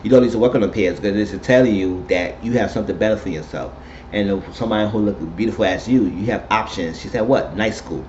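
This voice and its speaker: A man giving a casual, animated spoken recap of a TV episode, retelling scenes and quoting the characters. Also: lowish voice, quick pace. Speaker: TV recap host. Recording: dull lo-fi recording with faint noise.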